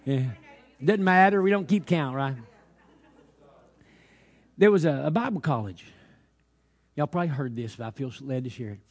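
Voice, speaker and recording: A man's voice: mid-range voice, expressive, normal speed, long pauses. A man preaching a sermon, telling stories and building to fervent exhortation, with many repeated hallelujahs.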